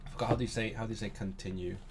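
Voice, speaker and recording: Against a noisy background, a young man with a lowish voice and fairly even intonation hosts a relaxed language-learning stream. He reacts to viewers' messages, restarts sentences a lot, and tries halting Turkish and Welsh.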